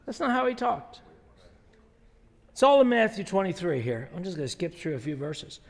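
A man's voice: high-pitched, very animated, moderate pace. A male pastor preaching a sermon in a conversational, emphatic way, full of rhetorical questions. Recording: long hall reverb.

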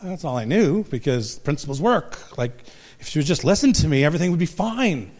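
A man's voice: on the high side, big pitch swings, a little fast, a little mellow. An older man, a pastor and marriage counselor, giving a humorous, self-deprecating talk to a live audience. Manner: self-deprecating, joking storyteller.

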